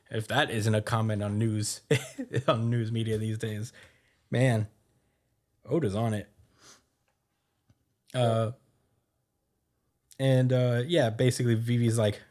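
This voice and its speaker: A man's voice: medium pitch, fairly even intonation, a little slow, long pauses, darkish tone. A man hosting a podcast, chatting casually with many fillers and frequent laughs while he recaps a comic chapter. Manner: rambling, filler-heavy, laughs often. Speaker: podcast host.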